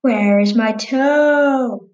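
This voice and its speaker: A woman putting on a slow, moaning toe-hunting creature. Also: a little high, darkish tone, echoey room, dull audio. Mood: eerie. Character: groaning unseen creature hunting its lost toe.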